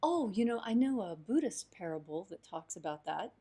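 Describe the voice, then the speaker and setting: A woman co-hosting a livestream, chatting and telling a parable in a lively way. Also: mid-range voice, moderate pace, husky. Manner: affirming, animated storyteller. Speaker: co-host. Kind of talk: conversational teaching and storytelling.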